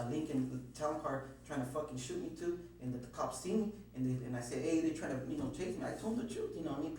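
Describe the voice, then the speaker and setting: A man's voice: fairly high pitch, a little mellow. A man being questioned, nervously rambling through his account with lots of swearing and restarts. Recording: very echoey room, distant mic, faint hum.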